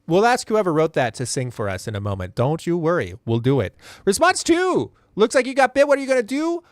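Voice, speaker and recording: A man's voice: high-pitched, wildly swooping pitch, a little fast, no echo, clean studio sound. A man hosting a comedy game show, reading out contestant answers and vote counts in a playful, self-deprecating way.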